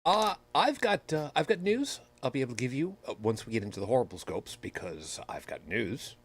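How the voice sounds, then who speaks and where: A man's voice: medium pitch, big pitch swings, brisk, breathy edge. A man hosting a podcast, chatting casually and telling rambling, self-deprecating stories. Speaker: podcast host. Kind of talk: casual chat.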